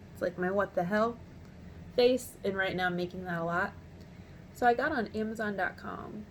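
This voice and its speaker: A woman in her thirties telling a story to camera in a chatty, animated way from her home office, laughing often. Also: medium pitch, a little hiss or hum. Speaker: vlogger.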